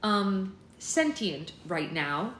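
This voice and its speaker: A flustered young witch, stumbling over her words in a raised, higher voice, as a woman reading aloud puts her on. She stays polite but edges toward impatience, and the room sounds roomy around her. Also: animated, very slow, fairly bright tone, slight background noise. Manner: hesitant, stammering.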